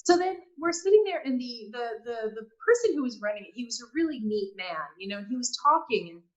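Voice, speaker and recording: A woman telling a personal story in casual talk, animated, acting out quotes and often laughing. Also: a little high, fast, low-quality recording. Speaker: guest.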